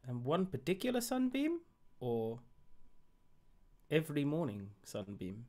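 Lively courteous man at a game table. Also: on the high side, a little slow. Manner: politely courteous, a little flustered. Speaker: player. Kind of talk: in-character role-play.

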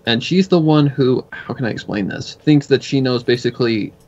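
A man's voice: medium pitch, expressive, brisk, a little mellow. Rambling young man, muffled lo-fi sound. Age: 20s. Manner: rambling, swears often. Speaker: commentator. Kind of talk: casual reaction chat. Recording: dull lo-fi recording.

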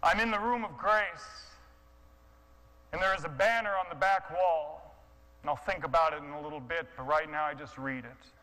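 A man telling a dramatic sermon story, swinging from hushed, quiet passages to impassioned shouting. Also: fairly high pitch, normal speed, low-quality recording. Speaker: guest speaker.

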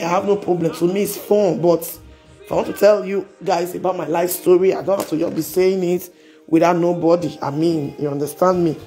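A woman with a Nigerian accent talks to her viewers on a live stream, loose and chatty. She slides between Pidgin and plain English and laughs as she goes. Soft music plays faintly behind her. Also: on the low side. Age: adult with children. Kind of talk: casual live-stream chat.

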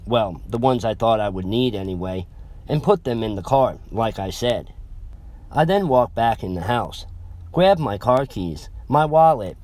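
A man's voice: fairly low pitch, darkish tone. A man narrating a first-person story in a chatty, rambling way with self-aware asides.

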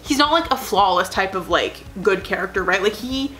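A woman's voice: mid-range voice, animated, moderate pace, fairly bright tone, soft background music. A young adult woman chatting casually as a vlogger, rambling earnestly with lots of "like" fillers. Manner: rambling, full of "like" fillers, gushing; emotional, earnest. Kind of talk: casual chat.

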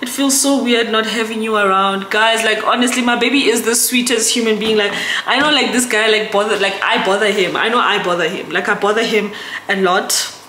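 Vlogging to camera in an echoey, noisy room, a young South African woman is chatty and emotional and frequently speaks directly to her viewers. Her medium-pitched voice is a little fast and sharp, with fairly even intonation.

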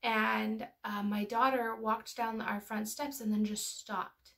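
A woman's voice: on the high side, flat delivery, takes it slowly, creaky, a bit bright. A woman, a mother, talking casually and telling stories as she teaches parents, with many filler words. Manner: chatty, storytelling, lots of filler words. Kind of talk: casual educational talk.

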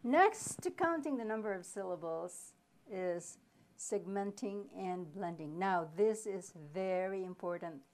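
A woman presenting a reading workshop, explaining slowly with pauses and asking questions, then answering them herself. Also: medium pitch, lively intonation, a little mellow. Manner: slow, deliberate explaining with pauses. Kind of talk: live teaching workshop.

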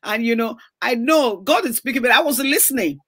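A woman's voice: a little high, animated, fairly quick, fairly bright tone, breathy edge, no echo, clean studio sound. A woman hosting a faith interview, affirming her guest and adding short preachy asides. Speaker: host. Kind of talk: conversational interview.

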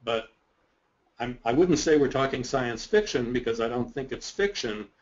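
A man answering questions as a guest expert in a webinar, explaining in a measured way with a touch of self-deprecating humor. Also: medium pitch, animated. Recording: muffled webinar audio.

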